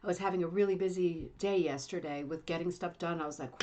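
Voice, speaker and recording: A woman's voice: fairly low pitch, fairly even intonation, quick pace, few pauses, mellow, a little hiss or hum. Chatty rambling woman hosting a livestream. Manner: chatty, rambling, self-deprecating. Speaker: livestream host. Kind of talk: casual livestream chat. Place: home, Indiana.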